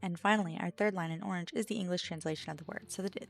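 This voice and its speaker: An Australian woman streams a game, reading each line of on-screen lesson text aloud in a fairly low voice. She breaks off to chat with her partner off to the side, and soft game music plays underneath. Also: steady tone, racing, creaky.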